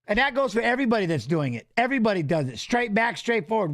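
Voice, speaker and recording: A middle-aged man hosting a fight watch-along, animated, coaching the fighters and chatting with viewers. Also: sits high, fast. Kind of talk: live watch-along commentary and chat reading.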